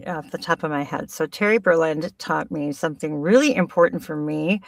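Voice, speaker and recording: A middle-aged woman, a voice actor, talking in a casual podcast conversation, animated and playful with frequent laughs. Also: deep voice, brisk, vocal fry, no echo, clean studio sound, recorded from a distance. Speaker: voice actor guest.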